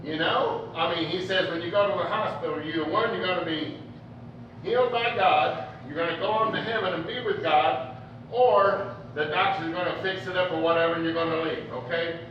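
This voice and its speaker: A man's voice: high voice, moderate pace, a little hiss or hum. A man preacher giving a folksy, joking sermon in a conversational storytelling manner. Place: church hall. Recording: echoey, distant, dull church recording.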